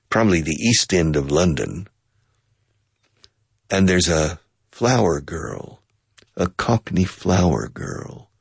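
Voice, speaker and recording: A man teaching an English lesson in a playful, casual way, repeating phrases slowly and switching to Spanish to explain. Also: low-pitched, breathy edge, no room sound, studio quality.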